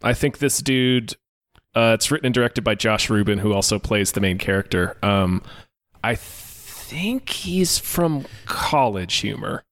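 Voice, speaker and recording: A man co-hosting a podcast, chatting casually and laughing easily between halting remarks. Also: fairly low pitch, lively intonation, a bit bright, no room sound, studio quality. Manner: easygoing, laughs often, trails off. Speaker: podcast co-host. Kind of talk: casual chat.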